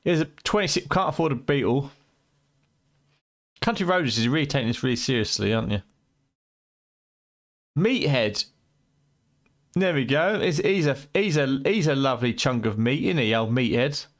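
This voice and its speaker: British male streamer, late-night banter, tired voice that is starting to go, cheeky and sweary, middling pitch. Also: lively intonation, moderate pace, long pauses. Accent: British English. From United Kingdom. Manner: banterous, swearing, teasing chat viewers. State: tired, voice going. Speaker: game streamer.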